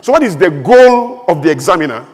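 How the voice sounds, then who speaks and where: A man's voice: sits high, big pitch swings, a little fast, a little mellow. A man from Nigeria, giving an emphatic, rhetorical speech with humorous asides as a conference speaker in a large event hall. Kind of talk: impassioned public speech. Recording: long hall reverb.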